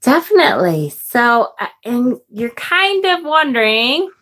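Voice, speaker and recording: A middle-aged woman chatting on a live tarot stream, her voice sitting a little high and her pace slow and unhurried. She greets viewers by name and reacts with emotion to what she sees in the cards. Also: very animated, a bit bright. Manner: emotional, gasps and exclaims over card images. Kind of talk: casual live-stream chat.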